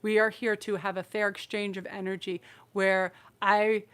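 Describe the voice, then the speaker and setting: A woman's voice: medium pitch, level tone, moderate pace, fairly bright tone, clear, resonant tone. A woman hosting a live-streamed tarot reading, effusive and emotional, rambling through her messages with restarts. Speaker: tarot reader and channel host.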